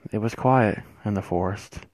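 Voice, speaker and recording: A man tells a horror story in the first person, keeping his voice hushed and suspenseful with long, drawn-out pauses. His pitch is fairly low, and there is no echo.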